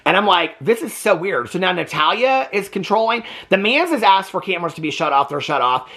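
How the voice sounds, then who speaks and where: Animated man recapping a show. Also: high-pitched. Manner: animated, exasperated, talks in quick asides. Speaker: reaction video host. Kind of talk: casual commentary recap.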